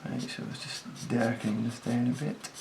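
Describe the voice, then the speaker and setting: A man talking casually as he sketches, thinking aloud, correcting himself and sometimes dropping to a quiet mutter. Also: medium pitch, normal speed, creaky, very noisy. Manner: relaxed, thinks aloud, self-correcting, drops to mutters while working. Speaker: designer sketching on camera. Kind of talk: casual commentary while sketching.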